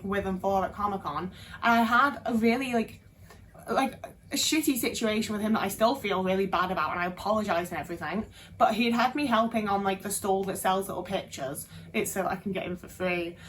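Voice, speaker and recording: A woman's voice: medium pitch, a little fast, a bit bright, slight background noise. A young woman talking frankly in a casual monologue, swearing freely and restarting her sentences. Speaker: vlogger.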